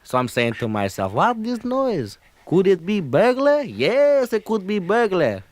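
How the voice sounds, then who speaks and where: A man's voice: high-pitched, huge pitch swings, a little slow, dry recording, exaggerated voice. A frantic accented father. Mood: exasperated. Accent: Yiddish-inflected English. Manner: rambling, exasperated, pleading. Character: fretful immigrant father with heavy accent. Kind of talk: comedy album sketch.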